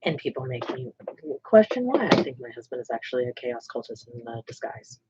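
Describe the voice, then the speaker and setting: A woman's voice: a bass voice, very animated, brisk, heavy background noise. A woman chatting casually as a livestream host, rambling and joking about herself, with murmured asides. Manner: rambling, self-deprecating, drops into murmured asides. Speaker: livestream host painting miniatures. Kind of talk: casual chat. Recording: dull lo-fi stream audio.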